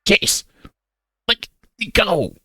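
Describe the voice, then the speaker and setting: A man voicing a frightened young male lynx who talks in a loud whisper. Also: very slow, dry recording, clean studio sound, heavily acted. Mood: panicked.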